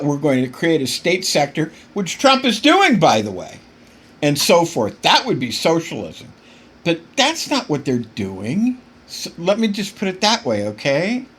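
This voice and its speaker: A man's voice: a little high, fairly bright tone, husky. A man hosting a political podcast, delivering impassioned commentary that keeps getting worked up, with frequent stumbles and repeated words. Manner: emphatic, gets worked up.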